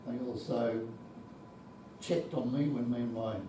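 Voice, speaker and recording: With a steady tone and an unhurried delivery, a medium-pitched male voice belongs to an Australian man in his seventies telling conference anecdotes, complete with salty swearing and laughs. The background is noisy, the hall echoes, and the mic is distant.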